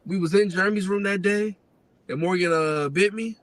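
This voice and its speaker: Young guy, high bright voice, rambling animated story with lots of "like". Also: moderate pace, dry recording. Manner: lively, animated retelling with many fillers. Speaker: guest sharing family story. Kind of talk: casual storytelling.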